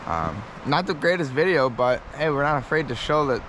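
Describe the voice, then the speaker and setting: A man's voice: fairly high pitch, brisk, noisy background. A man hosting a casual fishing vlog outdoors by a winter river, talking plainly and matter-of-factly to his viewers. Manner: relaxed, matter-of-fact, signs off to viewers. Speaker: fishing channel host.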